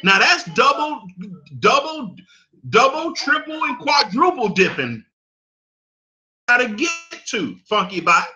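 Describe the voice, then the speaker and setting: A man's voice: very high-pitched, very animated, slow pace, pauses often, bright, forceful tone, dull audio, faint music behind. A man, giving an impassioned monologue that repeats phrases for emphasis. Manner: preachy, emphatic, repeats phrases, laughs at his own points. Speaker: commentator.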